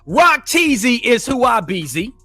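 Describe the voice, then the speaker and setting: A man's voice: extremely high pitch, big pitch swings, unhurried, over music. A man co-hosting a casual sports podcast, hyped and playful, sometimes slipping into a sing-song delivery. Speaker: podcast co-host.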